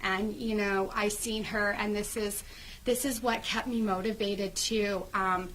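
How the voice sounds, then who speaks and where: A woman's voice: mid-range voice, steady tone, unhurried, a bit bright, slight background noise, low-quality recording. A woman guest in an interview, telling her own story earnestly, with many restarts and fillers.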